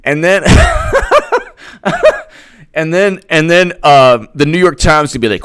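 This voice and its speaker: Sarcastic male commentator with a lively voice. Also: on the high side, slow pace, pauses often, clear, resonant tone, dry recording. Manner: sarcastic and mocking, laughing often. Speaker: political commentator. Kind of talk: casual vlog commentary with mocking impressions.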